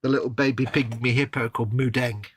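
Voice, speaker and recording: A British man co-hosts a casual live stream, his voice sitting at an ordinary middle pitch. He tells his stories in a relaxed, amused way, with a faint hiss of noise behind him. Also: a little fast. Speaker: livestream co-host.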